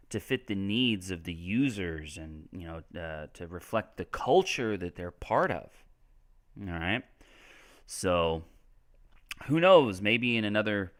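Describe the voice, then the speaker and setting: A man's voice: fairly low pitch, a bit bright. A man from Texas teaching English on a live stream, explaining in a casual, chatty way and checking in with "right?" as he goes. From Texas, United States.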